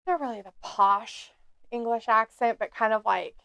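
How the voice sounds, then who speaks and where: A woman's voice: a little high, normal speed, vocal fry, fairly bright tone, clear, resonant tone, no room sound. A woman from the United States co-hosting a live stream, chatting and reading out viewer comments with frequent giggles. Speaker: co-host of a live watch-along stream. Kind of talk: casual live-stream chat.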